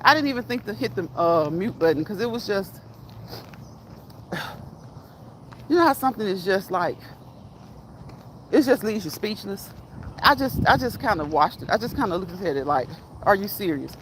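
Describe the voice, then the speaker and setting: A middle-aged woman talks her way through a casual walking livestream, wandering from thought to thought and chatting straight to her viewers. Her voice is pitched in an ordinary middle range. Street sounds and passing traffic come through clearly behind her. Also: big pitch swings, normal speed, pauses often, rough recording. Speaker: vlogger reading live chat. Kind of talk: casual walk-and-talk livestream.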